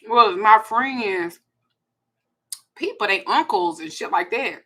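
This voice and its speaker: A woman's voice: mid-range voice, expressive, slow, fairly bright tone. A woman with a Southern US accent hosting a casual monologue, blunt and laughing between her stories. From Texas. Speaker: host.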